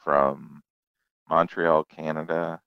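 Deep gravelly comedian guy telling stories, kinda muffled dry sound. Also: level tone, slow, no echo. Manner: laid-back storyteller, acts out quoted voices. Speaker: comedian guest. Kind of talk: casual storytelling chat.

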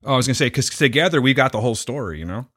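A man's voice: mid-range voice, animated, rapid-fire, fairly bright tone. A man co-hosting a podcast in casual, joking chat, swearing freely. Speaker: podcast co-host.

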